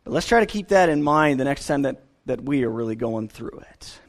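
A man's voice: medium pitch, fairly quick. A man preaching a sermon to a church congregation, telling stories earnestly with frequent restarts. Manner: earnest, animated storytelling with repeated restarts.

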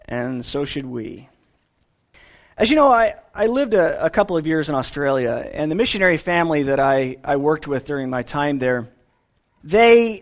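A man preaching a sermon to a church congregation, telling stories earnestly with frequent restarts. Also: high-pitched. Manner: earnest, animated storytelling with repeated restarts.

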